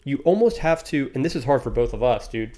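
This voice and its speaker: A young man co-hosting a casual podcast, speaking at a middle pitch. He keeps it laid-back, drops dude often, and softens his points before making them. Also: big pitch swings, fairly quick. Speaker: podcast co-host. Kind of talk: casual chat.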